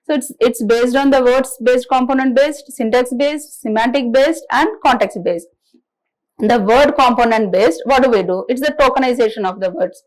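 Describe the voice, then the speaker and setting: A woman giving a recorded classroom lecture in a halting, explanatory way, with frequent restarts. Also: fairly high pitch, darkish tone, rough recording. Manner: halting explanatory delivery, many restarts and fillers.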